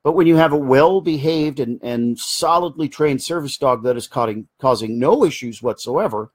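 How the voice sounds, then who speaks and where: A man with a husky voice hosts a casual live Q&A. He explains things earnestly and often wanders into side remarks while answering viewer comments. His voice sounds dry and close. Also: mid-range voice, normal speed, hardly any pauses, no room sound. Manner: earnest, explanatory, drifts into asides and restarts. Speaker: host of a live Q&A show.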